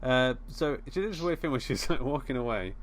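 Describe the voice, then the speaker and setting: A man's voice: medium pitch, animated, a little fast, a little hiss or hum. A man co-hosting a podcast, talking through a film plot in an easygoing, hesitant way, with many fillers. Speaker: podcast co-host. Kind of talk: casual film discussion.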